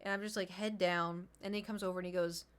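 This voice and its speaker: A young woman streaming to her chat rattles off a long, casual tale in a low-leaning, resonant, clear voice at a fast clip. She plays out what her friends said, animated and rambling, restarting sentences along the way.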